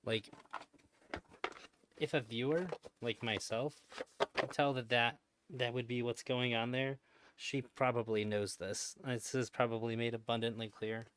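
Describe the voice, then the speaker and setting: A man reviewing a clip on his stream in casual commentary, rambling with many pauses and restarts and laughing often. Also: medium pitch, steady tone, a bit bright, slight background noise.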